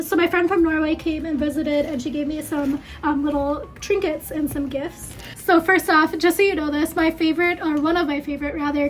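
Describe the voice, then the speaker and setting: A woman chatting casually through a haul video at home, rambling with lots of fillers and a bit out of breath. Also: high voice. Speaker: beauty vlogger.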